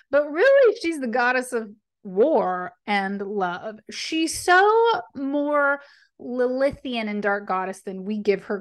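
An upbeat woman with a fairly high voice gives a tarot reading on her podcast, offering casual spiritual guidance. Lively and encouraging, she keeps asking "right?" and "okay?" and states affirmations firmly.

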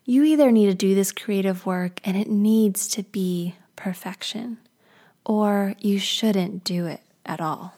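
A woman voicing crisp, prim Perfectionism. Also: mid-range voice, a little slow. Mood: cool. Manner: confiding, hushed. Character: prim, polished female Perfectionism, exacting and cool.

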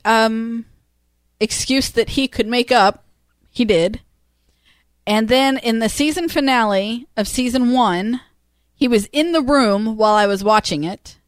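A woman co-hosting a podcast, speaking casually and hesitantly with frequent pauses. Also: a little high, no room sound, clean studio sound. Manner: hesitant with frequent ums, laughs easily. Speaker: podcast co-host. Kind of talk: casual conversational chat.

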